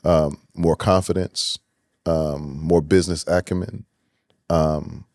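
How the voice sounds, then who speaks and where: A man's voice: rumbling low, fairly even intonation, takes it slowly, darkish tone, dry recording, clean studio sound. A man hosting a podcast in casual interview chat, loose and hyped, often repeating the same filler phrase. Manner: loose and hyped, repeats "you know what I'm saying". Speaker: podcast host.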